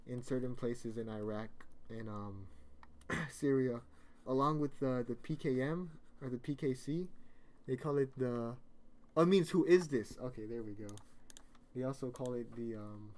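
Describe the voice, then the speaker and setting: A man's voice: medium pitch, darkish tone. A man chatting casually on a live stream, rambling and joking, often correcting himself mid-sentence.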